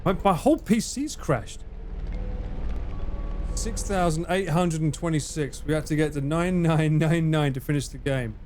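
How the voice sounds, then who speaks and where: A man's voice: on the high side, normal speed, a little mellow, soft background music. A man streaming live, chatting casually with his viewers, laughing often and swearing freely. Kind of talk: casual livestream chat.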